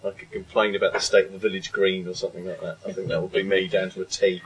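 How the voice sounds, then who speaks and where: A man's voice: deep voice, little pitch movement, fast talker, slightly rough, muffled recording. A man, a stand-up comedian, chatting on a panel in a dry, wry way. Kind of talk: comic panel chat.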